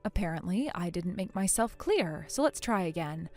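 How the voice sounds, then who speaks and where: A woman's voice: on the high side, very animated, normal speed, a bit bright, soft background music. A woman voicing a furious, injured young bride who speaks in a cold, scornful and firm way. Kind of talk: text-message story voice acting.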